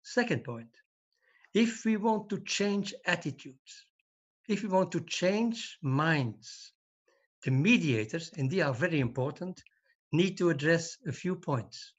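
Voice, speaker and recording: An older man delivers a formal conference address over a video call. He speaks slowly and deliberately, leaning on each point. The audio is dull and lo-fi. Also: fairly high pitch, animated. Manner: measured, deliberate.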